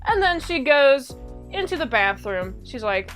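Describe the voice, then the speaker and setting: High-voiced woman recapping an episode. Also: very animated, measured pace, fairly bright tone, soft background music. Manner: chatty, rambling, slangy. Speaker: show reviewer.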